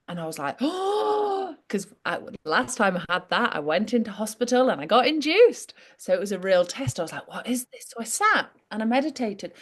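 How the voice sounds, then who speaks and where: A mother shares her own birth experience in a relaxed group chat. She speaks softly and confidingly, often stopping and restarting. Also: fairly high pitch. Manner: hesitant, restarts, soft and confiding. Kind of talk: casual group discussion.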